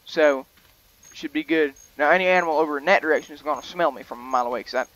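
A man's voice: a little high, fast, fairly bright tone, low-quality recording. A young man, rambling and chatty as he gives casual commentary on a hunting game, often correcting himself mid-sentence. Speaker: gaming video host.

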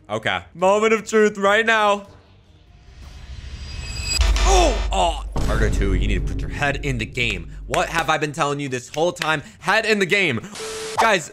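A man's voice: big pitch swings, normal speed, over music. A young man doing playful, hyped gameplay commentary as a gaming video host. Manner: hyped, playful, big jumps in pitch. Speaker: gaming YouTuber.

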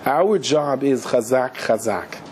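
A rabbi telling a story in a sermon, lively, moving between narration and acting out the characters. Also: male voice, medium pitch, slow, a little hiss or hum. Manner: animated, acts out the characters in a story.

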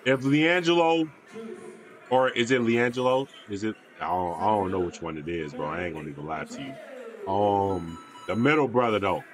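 A young man with a fairly low voice reacts to a basketball video at normal speed. His commentary is laid-back and slangy, with asides he mumbles under his breath.

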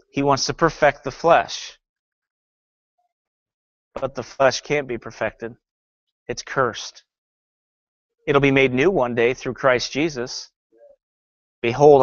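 A man's voice: mid-range voice, no echo, dull audio. A male pastor preaching a sermon that critiques a film, fervent and sarcastic by turns, often reading scripture aloud.

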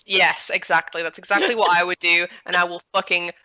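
A woman's voice: on the low side, little pitch movement, brisk, pushed and bright, no room sound, dull audio. A woman playing a tabletop game in a brash, swearing manner. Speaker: player. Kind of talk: tabletop role-play.

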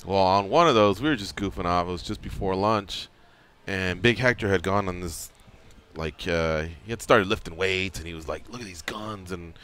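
A man's voice: deep voice, normal speed, a little hiss or hum. A middle-aged man hosting a radio show, telling a story casually and acting out the quotes. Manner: animated storyteller, acts out quotes.

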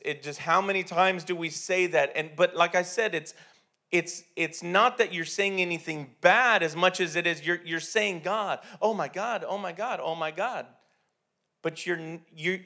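A man's voice: high voice, bright, forceful tone. A man preaching a sermon in a church, talking conversationally with many restarts and repeated words. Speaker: pastor.

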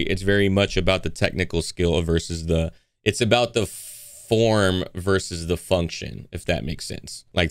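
Low, smooth-voiced man reacting to music. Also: no room sound, clean studio sound. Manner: loose and chatty, many fillers and restarts. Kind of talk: casual reaction commentary.

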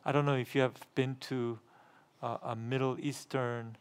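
Middle-aged male pastor, preaching emphatically, repeats words, mid-range pitch. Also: flat delivery, moderate pace, smooth. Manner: emphatic, repeats phrases, asks the congregation rhetorical questions; gets louder and higher when reading scripture aloud. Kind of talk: sermon.

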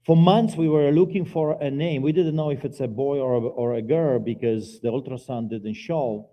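A middle-aged man tells his testimony from the pulpit of a church. His voice is mellow and warm, and his earnest delivery drops quiet, then surges loud. His pitch sits in the middle. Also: normal speed. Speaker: guest preacher giving testimony. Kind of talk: personal testimony sermon. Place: church sanctuary, live service.

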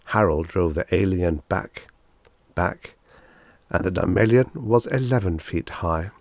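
Low creaky guy reading a sci-fi audiobook, steady, dry close sound. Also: measured pace, no room sound. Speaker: audiobook narrator. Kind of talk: scripted story narration.

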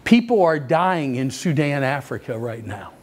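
An older man preaching a sermon, telling stories with lively energy and sudden shouts. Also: mid-range voice, moderate pace. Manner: animated storytelling, acts out children's voices, bursts into shouts. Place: church sanctuary.

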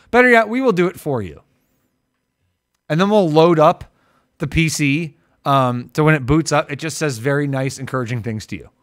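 A man's voice: medium pitch, no room sound. Joking man on a dry live stream. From Ohio. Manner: joking, riffs into loud impressions. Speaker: co-host. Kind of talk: casual live-stream chat.

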